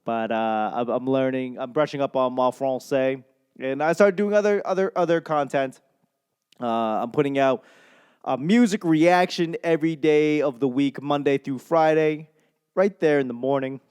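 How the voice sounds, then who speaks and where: Rambling, foul-mouthed young man, smooth voice. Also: medium pitch, moderate pace, darkish tone. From Boston, USA. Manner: rambling, loses his train of thought; swears often. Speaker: stand-up comedian hosting a podcast. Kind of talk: casual solo podcast monologue.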